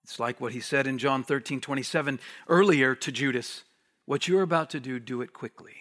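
A pastor delivers a sermon in a mid-range voice at a brisk pace. He moves between hushed near-whispers and raised, urgent lines, repeating words for emphasis.

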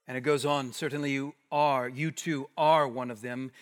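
A man's voice: mid-range voice, moderate pace. Guy giving a sermon, gets worked up acting out the bystanders, big hall echo. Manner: animated, acts out the bystanders' challenge. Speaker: preacher. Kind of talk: expository sermon.

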